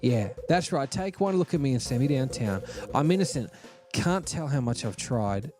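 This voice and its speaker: A man voicing a fast-talking, jittery young male hustler who pleads his innocence. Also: medium pitch, lively intonation, music in the background, pitched above the performer's own voice, lightly acted. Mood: defensive.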